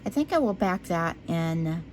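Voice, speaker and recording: A woman chatting casually to her viewers as she works on a craft project. She talks to herself while she works and drifts into low, quiet talk when she concentrates. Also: expressive, measured pace, a little hiss or hum. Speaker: resin craft vlogger.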